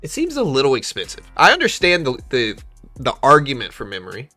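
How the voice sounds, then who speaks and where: A young man hosts a live market-trading stream in a loose, slangy chat style, calling out viewers' comments as they come in. His voice sounds bright and forward. Faint music runs quietly underneath. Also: mid-range voice, brisk. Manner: chatty, slangy, reads chat aloud, animated when joking. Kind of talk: casual livestream chat.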